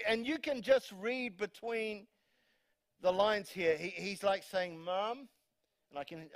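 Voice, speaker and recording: High-voiced joking pastor, dry close sound. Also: male voice, no room sound. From New Zealand. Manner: conversational and humorous, with frequent restarts. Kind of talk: sermon. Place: church congregation.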